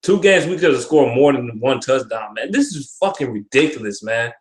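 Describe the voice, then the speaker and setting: A man's voice: mid-range voice, animated, moderate pace. Young guy venting hard about his team, cussing a lot, echoey room. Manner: frustrated, profane, repetitive ranting. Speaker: sports fan vlogger. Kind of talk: ranting sports commentary.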